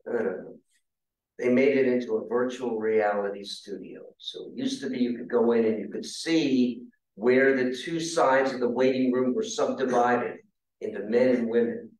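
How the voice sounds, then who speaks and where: A man giving a casual, conversational history talk with slides to a roundtable audience, now and then asking the room questions. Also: medium pitch. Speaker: guest speaker. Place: meeting hall. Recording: very echoey room, mic far off.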